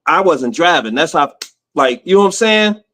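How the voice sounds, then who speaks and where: American guy as a podcast guest, tells stories in a lively casual way, slightly high voice. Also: moderate pace. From United States. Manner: animated, acts out the people in his story. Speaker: guest, music executive. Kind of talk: casual storytelling.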